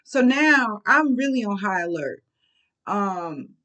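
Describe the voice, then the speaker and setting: A middle-aged woman recounts a personal story in a vlog. Her delivery is animated and emphatic, full of colloquial asides. She speaks straight to her viewers. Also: medium pitch, slow pace. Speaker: vlogger.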